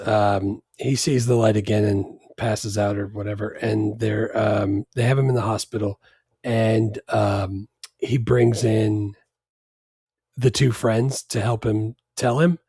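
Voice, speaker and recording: A man's voice: fairly low pitch, fairly even intonation, a little slow, dark tone, slightly rough, dry recording. A man co-hosting a casual movie podcast, laid-back and hesitant with many ums and wry jokes. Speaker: podcast co-host.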